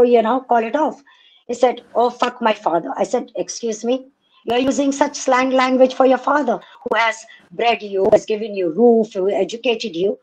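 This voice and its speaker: A woman's voice: fairly high pitch, a little mellow, low-quality recording. A middle-aged woman giving personal testimony as an interviewee, indignant and acting out past conversations line by line. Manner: indignant, re-enacts conversations in dialogue. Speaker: interviewee, mother recounting events.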